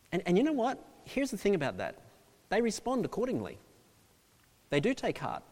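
A man preaching a sermon with dynamic delivery, swinging from loud emphasis to hushed asides. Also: a little high, wildly swooping pitch, moderate pace, long reverb tail. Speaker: pastor.

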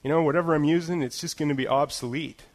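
A man preaching a sermon in a conversational way, full of "you know" fillers and self-deprecating laughs, slowing into emphatic phrases to drive points home. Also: a little high. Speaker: pastor.

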